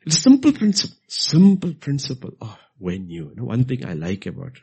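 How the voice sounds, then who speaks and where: A middle-aged man preaching a sermon, repeating key phrases and swinging from hushed whispers to loud emphatic bursts. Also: medium pitch, huge pitch swings, fairly quick, creaky, husky.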